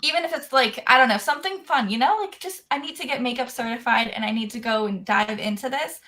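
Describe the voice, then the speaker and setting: A woman hosting a casual podcast chat, talking candidly and excitedly, swearing casually. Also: a little high, quick pace. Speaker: podcast host.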